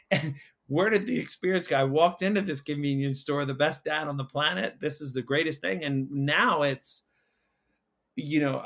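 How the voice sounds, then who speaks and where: Man telling a story, halting restarts. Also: mid-range voice, a bit bright. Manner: rambling, halting with many restarts and fillers. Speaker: school counsellor, podcast guest. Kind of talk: casual storytelling conversation.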